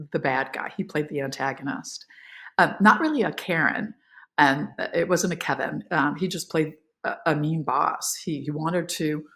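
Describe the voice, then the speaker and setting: An actress as a podcast guest, telling emotional behind-the-scenes stories in a lively, filler-filled way. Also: female voice, low voice. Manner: animated, emotional, many fillers. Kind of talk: casual interview storytelling.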